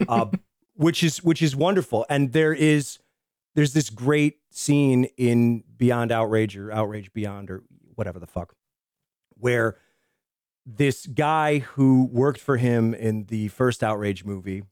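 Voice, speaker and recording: A man co-hosting a film podcast, telling movie scenes in an animated way, swearing and laughing as he goes. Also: medium pitch, takes it slowly, no echo, clean studio sound. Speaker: podcast co-host. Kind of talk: casual film discussion.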